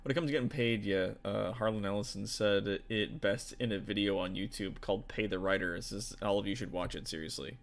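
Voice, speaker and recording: A man's voice: fairly low pitch, a little fast, vocal fry, few pauses. A man, a tabletop game master and streamer, chatting casually with viewers in a rambling, profane way full of fillers.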